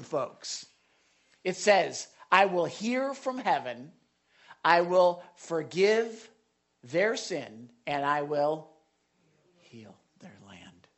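A male pastor preaching a sermon to his congregation, asking them direct questions and dropping to a hush when he reads scripture. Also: high-pitched. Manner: emphatic, swings between loud appeals and hushed scripture readings. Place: church sanctuary.

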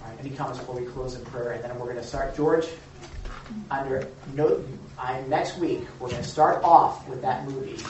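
Animated man leading a Bible study in an echoey hall. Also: mid-range voice, moderate pace, slight background noise. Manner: animated, jokey, acts out quotes. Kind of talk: church teaching with group discussion. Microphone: room mic from a distance. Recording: echoey hall, far from the mic.

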